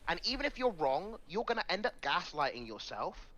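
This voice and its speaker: A man's voice: high-pitched, big pitch swings, fairly quick, a bit bright, highs cut off. Blunt, lecturing man in a debate. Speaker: debate guest. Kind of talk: heated casual debate.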